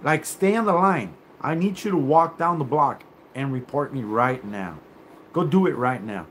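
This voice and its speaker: A man's voice: mid-range voice, animated, moderate pace, a bit bright, a little hiss or hum. A man hosting a livestream, ranting in a profane, confrontational and rambling way. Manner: rambling, with many fillers and restarts. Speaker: livestream host. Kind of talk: live rant on a stream.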